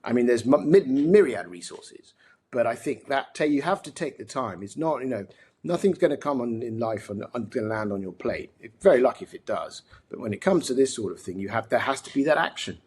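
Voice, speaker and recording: A man's voice: mid-range voice, animated, brisk, darkish tone, slightly rough. A man with a posh English accent, a podcast guest talking earnestly and reflectively, often restarting his sentences. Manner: thoughtful, many restarts and fillers, earnest. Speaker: podcast guest, mental health advocate. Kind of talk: reflective conversational interview.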